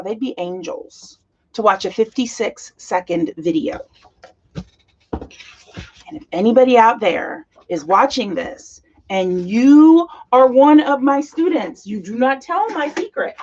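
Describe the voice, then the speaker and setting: A woman's voice: mid-range voice, muffled recording, a little hiss or hum. Chatty woman crafting at home. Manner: chatty, gushing, talks while working. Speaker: teacher and crafting channel host. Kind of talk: casual chat while scrapbooking.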